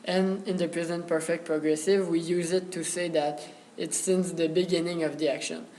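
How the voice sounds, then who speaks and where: A young man student presenting a grammar lesson, hesitant and pausing often on filler sounds. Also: fairly high pitch, level tone, a little mellow, a little hiss or hum, poor audio.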